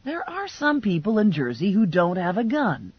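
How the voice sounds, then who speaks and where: A blunt, wisecracking male cop, as a woman reader puts him on speaks in a husky, lowered voice that swoops through a lively range. The audiobook recording is dry and dull. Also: moderate pace, no echo. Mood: soothing. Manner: blunt, teasing, exasperated.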